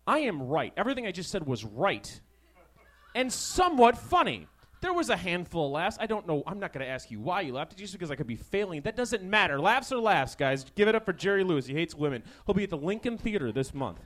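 Sarcastic, rambling high-voiced young man. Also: very animated, a little fast, a bit bright. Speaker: talk show host. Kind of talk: stand-up monologue. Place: small live comedy venue. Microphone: handheld stage microphone.

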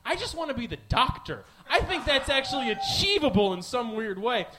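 A man's voice: very high voice, sing-song, fairly quick, background noise. A man in his twenties from the American Midwest, hosting a podcast with a rambling, profane, self-mocking comedic monologue. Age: 20s. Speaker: podcast host.

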